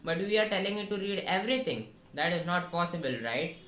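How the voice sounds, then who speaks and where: A woman's voice: fairly low pitch, animated, fairly quick, a bit bright. A woman teaching a coding tutorial, thinking aloud and talking viewers through each step of the code. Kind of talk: screen-recorded coding tutorial. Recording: echoey room with faint noise and keyboard typing.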